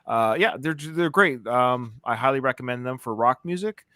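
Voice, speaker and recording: A man's voice: mid-range voice, animated, normal speed, pushed and bright, dry recording. A man co-hosting a podcast, chatting casually and enthusiastically recommending things with plenty of fillers. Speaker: podcast co-host. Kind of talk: casual chat.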